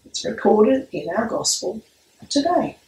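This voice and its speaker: Lady priest giving a sermon, kinda high voice, slow storyteller pace. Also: very animated, a little mellow. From Australia. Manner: measured, storytelling delivery. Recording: echoey room, mic at a distance.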